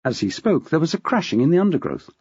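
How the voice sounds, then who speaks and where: A man narrating an audiobook in a measured, expressive reading style. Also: a little high, slightly rough, dry recording. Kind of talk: scripted narration. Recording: dull, dry.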